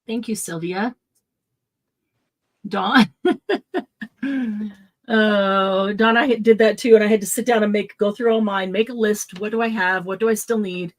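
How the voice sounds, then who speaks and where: A woman's voice: medium pitch, fairly even intonation, a little slow, pauses often, rough recording. A middle-aged woman hosting a live craft supply sale, chatting casually, laughing often and listing product colors.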